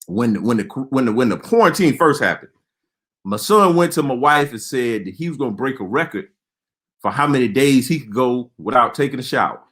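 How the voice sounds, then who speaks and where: A man's voice: medium pitch, expressive, brisk, a bit bright. A man doing stand-up comedy, telling stories in an exasperated, punchy way with lots of repeated phrases.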